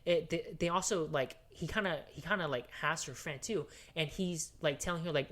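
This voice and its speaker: A man co-hosting a podcast, retelling a movie plot in casual chat with lots of fillers and swearing, dropping to a hushed recap and then bursting out loudly. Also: fairly high pitch, brisk, few pauses. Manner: excitable, profane storyteller with many fillers; jumps between hushed recap and loud outbursts. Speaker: podcast co-host.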